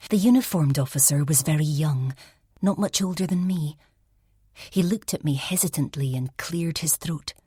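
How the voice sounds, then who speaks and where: A woman narrating a first-person audiobook in a soft, reflective manner, often dropping toward a whisper. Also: low voice, moderate pace, breathy edge, no echo, clean studio sound.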